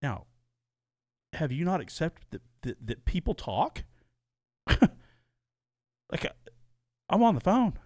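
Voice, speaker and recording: Animated rambling male podcast co-host. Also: on the high side, slow, long pauses, no room sound, clean studio sound. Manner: rambling, animated, repeats and restarts words. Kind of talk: casual podcast chat. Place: small soundproofed home studio.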